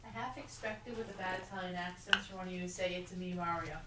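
A woman's voice: lowish voice, steady tone, quick pace, bright, forceful tone, slight background noise. A woman off to the side making amused, teasing remarks during a live stream. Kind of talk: casual aside.

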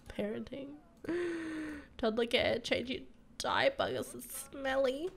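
A woman's voice: a little high, gravelly. A young woman doing casual, laughing gameplay commentary with dramatic exasperated outbursts. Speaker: gaming youtuber.

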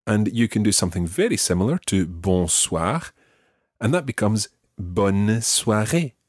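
Lively, husky male language teacher. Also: lowish voice, measured pace, no room sound, clean studio sound. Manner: patient, explains step by step and models pronunciation. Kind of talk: podcast language lesson.

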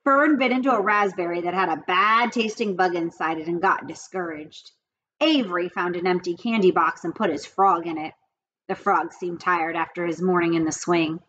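A woman reading a children's book aloud in an expressive storytelling manner. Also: lowish voice, moderate pace, muffled recording, slight background noise. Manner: lively, expressive reading with character voices.

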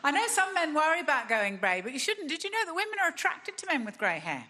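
Bright-voiced woman doing stand-up. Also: sits high, very animated, quick pace, long reverb tail. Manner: wry, conversational, chatty asides. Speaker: stand-up comedian. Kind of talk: stand-up routine. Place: large theatre stage.

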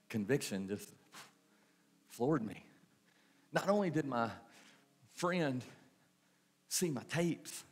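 A man preaching a sermon, repeating phrases and asking the congregation questions. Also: medium pitch. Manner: preaching with repetition and rhetorical questions. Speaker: pastor.

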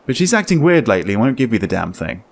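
A blunt, demanding young man guards a door in a video game, drawling his lines slowly with a sneer, as a man reads them out. The voice stays lively and rises and falls freely in pitch. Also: vocal fry. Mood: surly. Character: surly young man blocking a doorway.

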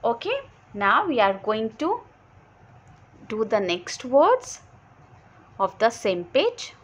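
A woman's voice: on the high side, wildly swooping pitch. A woman primary school teacher, giving a lesson, asking questions and answering them herself. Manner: explains slowly, asks and answers own questions. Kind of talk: online class lesson.

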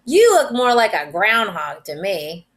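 A woman voicing a mean big male dog in a read-aloud storybook, gruff and yelling. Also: medium pitch, sing-song, a little slow.

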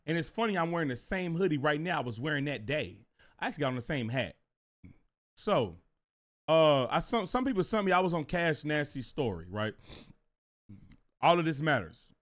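Casting note: male streamer, bright, lively delivery, swears freely while telling a story to his chat. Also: fairly high pitch, normal speed, pauses often. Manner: animated and profane, talks straight to viewers. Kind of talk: casual storytelling to a live chat.

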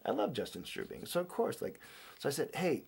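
A man telling a long, rambling personal story in a casual, animated way, with many restarts and acted-out quotes. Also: a little high, a little fast, husky.

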